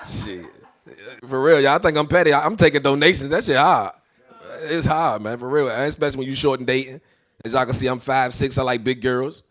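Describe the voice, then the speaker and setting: A man's voice: medium pitch, brisk, fairly bright tone. A man in his thirties doing a stand-up comedy set, brash and swearing, acting out the people in his stories.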